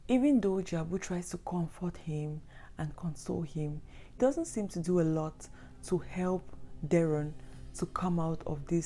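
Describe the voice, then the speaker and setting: A woman's voice: lowish voice, warm tone. A woman narrating a true story with dramatic, repetitive emphasis. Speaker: storyteller host.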